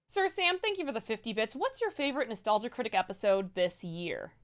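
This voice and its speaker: A woman co-host reading donation messages and viewer questions on a livestream in a brisk, upbeat way. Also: a little high, animated.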